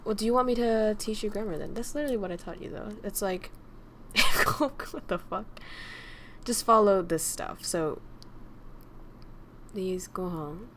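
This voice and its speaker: A young woman talks slowly and loosely into a desk mic, teaching her language to a livestream chat. She drops casual swears and teases her viewers as she goes. A faint hum sits behind her voice. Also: mid-range voice. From Vietnam.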